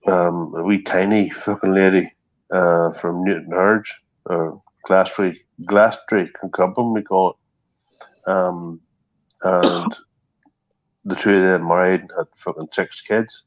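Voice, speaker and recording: A middle-aged man from Northern Ireland, co-hosting a stream, chats casually over an online call in a low voice with fairly even intonation and a slow pace. He rambles and swears, full of ums and restarts. The call audio is dull and lo-fi.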